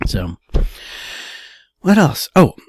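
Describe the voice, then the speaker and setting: A man's voice: on the high side, big pitch swings, extremely slow, darkish tone, slightly rough, dry recording, clean studio sound. A man, a real estate broker, talking casually in a solo podcast, loose and chatty, often saying "all right".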